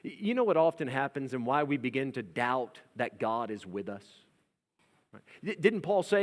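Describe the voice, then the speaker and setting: Pastor guy preaching, fairly high voice, lively and joking, long church reverb. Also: moderate pace. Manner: animated, humorous, acts out scenes. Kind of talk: sermon.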